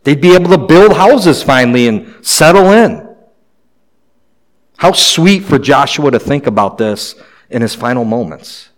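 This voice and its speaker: A pastor preaching a sermon in a conversational way, with light humor. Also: male voice, mid-range voice, lively intonation, measured pace, rough recording.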